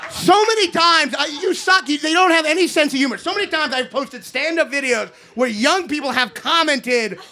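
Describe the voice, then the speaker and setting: A man in his thirties from Kentucky doing an animated, sarcastic stand-up set on a comedy club stage, swinging between loud rants and mutters. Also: extremely high pitch, moderate pace, few pauses. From Kentucky, USA. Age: 30s. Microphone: handheld stage mic. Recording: live club recording with audience noise. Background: audience laughter.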